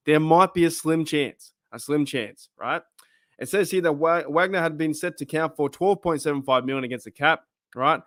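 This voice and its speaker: A man's voice: on the high side, fairly bright tone, no room sound. Rambling Australian man, dry sound. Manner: rambling, self-correcting, asks viewers questions. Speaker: fan channel host. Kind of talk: casual chat to camera.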